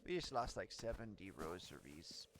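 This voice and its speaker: A man's voice: sits low, very animated, moderate pace, background noise. A young man streaming a game, joking, swearing and thinking aloud in casual commentary. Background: game music.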